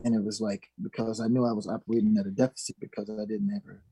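A man's voice: on the low side, fast, husky, no echo. A man from Minnesota, a guest musician, telling a story in an interview and acting out the voices of the people in it. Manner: animated, acts out quoted voices.

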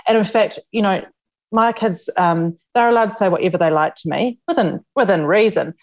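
A woman's voice: mid-range voice, brisk, darkish tone. A woman guest on a podcast, candidly telling family stories in casual chat and laughing as she goes. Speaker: guest author.

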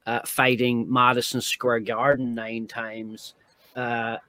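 A man, recalling a story in a halting, reflective way. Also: mid-range voice, level tone, sharp tone. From Ireland. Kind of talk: casual recollection.

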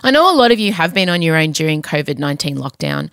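A woman's voice: low voice, sing-song, fast talker, vocal fry, fairly bright tone, clear, resonant tone, no room sound, studio quality. A woman in her forties hosting a podcast in casual chat, candid, swearing freely and often getting emotional. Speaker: podcast host. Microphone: studio microphone.

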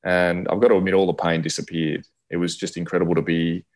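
A man's voice: sits low, fast talker. An Australian man, a podcast guest, telling a personal story and acting out the dialogue of the people in it. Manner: lively storyteller who acts out quoted dialogue.

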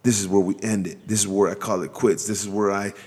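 A man from Southeast San Diego hosts his own motivational podcast, speaking fast in a lowish, level voice that is a little mellow with a breathy edge. He sounds like he is in a large hall. His delivery is earnest but repetitive, full of repeated words and stumbling restarts.

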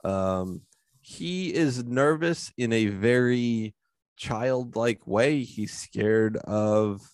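A man's voice: mid-range voice, very slow, darkish tone, no room sound, studio quality. A young man co-hosting a podcast, talking candidly and with self-deprecating humor in a casual chat. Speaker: podcast co-host.

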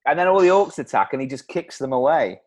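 A man co-hosting a comedy podcast, chatting casually and rambling, quick to laugh at his own jokes. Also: mid-range voice, expressive, a little mellow. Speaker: podcast co-host.

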